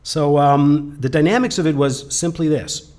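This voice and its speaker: A man presenting a webcast tells a motivational story with animated delivery, swinging from loud bursts to hushed lines. His voice is a little high, and he speaks at a moderate pace.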